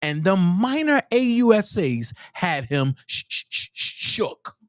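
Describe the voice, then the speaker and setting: A man hosting a live commentary stream, giving shout-outs to viewers and then speaking bluntly and heatedly, repeating his points for emphasis. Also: sits high, very animated, takes it slowly, dry recording, studio quality.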